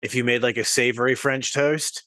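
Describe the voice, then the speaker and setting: A man's voice: medium pitch, steady tone, normal speed, bright, forceful tone, no echo, clean studio sound. A man co-hosting a podcast in casual chat, playful and riffing on ideas with his friends. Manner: playful, riffs on ideas, acts out quotes. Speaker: podcast co-host.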